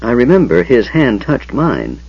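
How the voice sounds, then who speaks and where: A man's voice: mid-range voice, huge pitch swings, measured pace, a little mellow, breathy edge, heavily acted. A man voicing a stern male half-elf warrior leader who speaks firmly and snaps when irritated. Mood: tense. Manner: firm, snappish, commanding. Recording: dull lo-fi sound.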